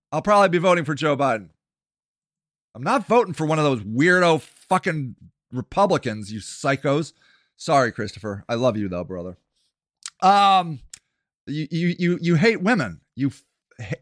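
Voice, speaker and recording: A man's voice: a little high, bright, forceful tone, no echo, clean studio sound. A man ranting angrily about politics on a livestream, swearing constantly. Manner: angry, profane ranting. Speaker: political commentator. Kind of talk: livestreamed rant.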